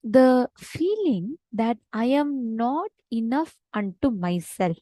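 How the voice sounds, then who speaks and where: A woman's voice: on the high side, expressive, dark tone, no room sound. Earnest woman teaching over a call. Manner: storytelling, earnest, slows for emphasis. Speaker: meditation teacher. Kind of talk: online spiritual teaching talk. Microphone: online video call.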